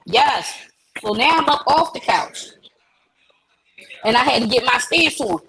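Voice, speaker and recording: A woman hosting a live chat, telling an animated story and acting out the dialogue. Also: high-pitched, a little slow, creaky, crowd noise, rough recording. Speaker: host.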